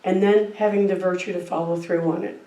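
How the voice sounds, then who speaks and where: Woman, middle-aged, conversational sermon, personal storytelling, warm mellow tone, reverberant church. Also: fairly low pitch, steady tone, fairly quick. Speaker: guest speaker. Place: church sanctuary. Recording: roomy distant church mic.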